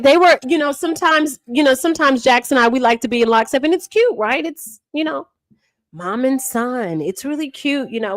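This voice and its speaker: Animated high-voiced woman recapping gossip. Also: no room sound. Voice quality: animated, repetitive, slangy. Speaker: livestream drama commentator. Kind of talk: casual chat recap.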